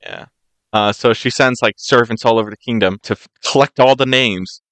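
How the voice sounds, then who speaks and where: A man's voice: mid-range voice, normal speed, fairly bright tone, dry recording. A man from the United States co-hosting a podcast, casually retelling a fairy tale with playful put-on voices. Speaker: podcast co-host. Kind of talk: casual chat.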